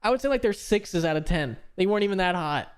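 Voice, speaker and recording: A man's voice: sits high, expressive, quick pace, clean tone. A man from Florida co-hosting a podcast, chatting casually with mocking, profane humor. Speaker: podcast co-host. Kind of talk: casual chat.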